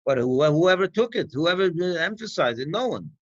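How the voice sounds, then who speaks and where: A man's fairly high voice with a lilt, talking through a teaching session in a loose, conversational way. He keeps firing off rhetorical questions and circling back to restart his thoughts. The recording sounds dull and dry. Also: big pitch swings, moderate pace, no room sound. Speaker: rabbi. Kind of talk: farbrengen talk.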